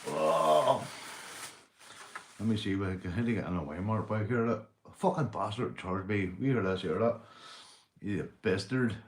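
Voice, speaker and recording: Tipsy from beer, this man from Northern Ireland rambles through a livestream, loud, laughing and cursing freely. His voice is low-ish and creaky with lively intonation at a normal speed, in an echoey room with slight background noise.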